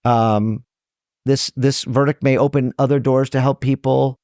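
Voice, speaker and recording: Earnest lawyer man, halting and emotional. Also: mid-range voice, fairly even intonation, darkish tone, clean tone, no echo, clean studio sound. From Michigan, USA. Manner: earnest, emotional, many restarts and self-corrections. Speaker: trial lawyer, podcast guest. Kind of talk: conversational interview.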